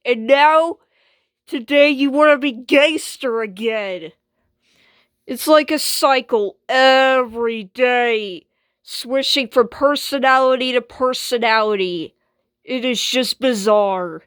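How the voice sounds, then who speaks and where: A woman's voice: fairly high pitch, takes it slowly, fairly bright tone, clear, resonant tone, dry recording, studio quality. A woman voicing a sensible female washing machine in a homemade skit, sighing and sarcastic. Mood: exasperated.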